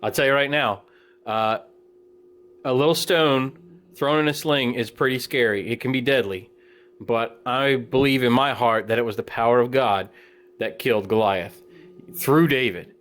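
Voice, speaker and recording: Man, children's ministry teacher, Bible story lesson, animated storytelling, casual plain speech, mid pitch. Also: normal speed.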